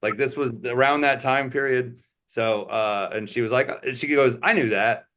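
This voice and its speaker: A man's voice: mid-range voice, steady tone, moderate pace, fairly bright tone. A man in his thirties, a stand-up comedian guesting on a podcast, telling stories in a rambling, chatty way full of "like". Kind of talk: casual chat.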